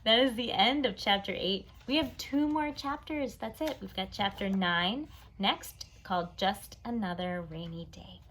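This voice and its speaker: A woman reading a children's chapter book aloud, expressive and engaged. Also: medium pitch, unhurried, hardly any pauses, slight background noise. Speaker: reader. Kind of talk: storybook read-aloud.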